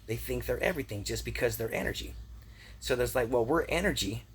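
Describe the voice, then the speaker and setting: A man rants at length in an agitated, profane voice, circling back to the same points and asking "right?" again and again. His pitch sits in the middle range. A faint room ambience runs underneath. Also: brisk, slight background noise. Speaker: vlogger. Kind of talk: rambling conspiracy rant.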